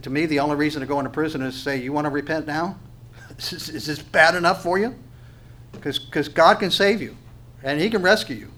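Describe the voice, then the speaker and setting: Man preaching, somewhat high voice. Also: fairly bright tone. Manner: asks questions and answers them himself; restarts and repeats phrases for emphasis. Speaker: pastor. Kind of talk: sermon with scripture reading.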